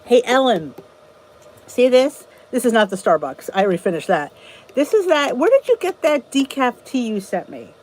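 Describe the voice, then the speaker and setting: A woman's voice: on the high side, sing-song, moderate pace, a little mellow, rough recording. A woman hosting a casual livestream chat, greeting viewers by name and answering their comments in a rambling, chatty way. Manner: rambling with frequent restarts. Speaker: channel host.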